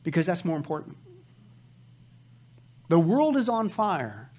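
Male pastor, sermon, urgent exhortation; slightly high, husky voice. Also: sing-song, measured pace. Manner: urgent, exhortative preaching with sudden loud outbursts.

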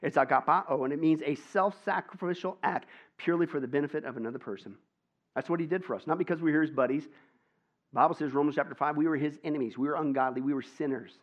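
A male pastor preaching a lively, conversational sermon and tossing questions to his listeners, on a dull lo-fi recording. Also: a little high, fast talker. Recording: dull lo-fi sound.

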